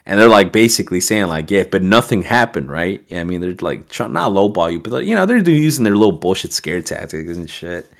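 A man's voice: sits low, brisk, vocal fry, hardly any pauses. A man telling a story as a podcast guest, in a casual streetwise manner with heavy swearing. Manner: streetwise slang, heavy swearing, animated quoting.

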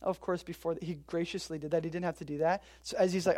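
A pastor giving a casual, joking sermon, retelling a bible story with loud bursts and quiet asides. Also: medium pitch, steady tone, fast. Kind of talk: conversational sermon.

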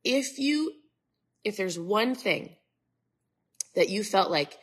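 Speaking slowly in a husky, medium-pitched voice with lively intonation, this host chats with her live stream viewers. She's a middle-aged woman from Minnesota, USA, calling people by name, wandering off on tangents, and sounding congested.

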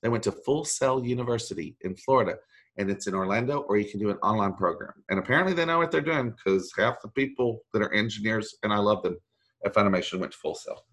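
A middle-aged man, a voice actor, chatting as an interview guest and telling animated, self-deprecating stories with mimicked voices. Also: fairly low pitch, fast. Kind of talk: casual interview chat.

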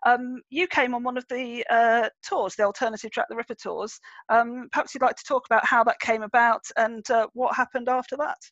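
Woman, rector hosting podcast; slightly high, gravelly, dry close sound. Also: fairly even intonation, a little fast, fairly bright tone, dry recording, muffled recording. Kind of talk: scripted podcast introduction and interview. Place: quiet room, over a video call.

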